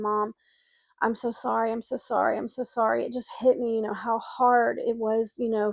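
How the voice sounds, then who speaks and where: A middle-aged woman with a fairly high voice tells a personal story of loss in an earnest, emotional way. She speaks directly to grieving listeners as a spiritual coach. The sound is dry and close, with no room around it. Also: a little mellow, dry recording.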